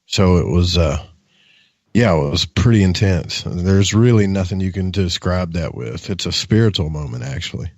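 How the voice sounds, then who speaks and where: Deep-voiced man on a dull line. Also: expressive, moderate pace, a little mellow, no echo. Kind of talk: casual radio chat.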